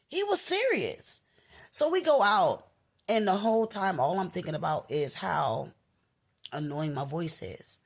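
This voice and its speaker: A married woman with a scratchy voice tells a personal story in a casual vlog, jumping up high in pitch when she quotes herself. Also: normal speed, husky. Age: adult, married. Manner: animated, jumps up high when quoting herself. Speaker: vlogger.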